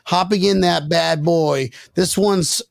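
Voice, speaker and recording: Male podcast host, slightly high gravelly voice, rowdy joker, dry close sound. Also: slow, no echo. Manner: rowdy, joking, tells loud stories. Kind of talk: casual podcast chat. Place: home, living in South Florida.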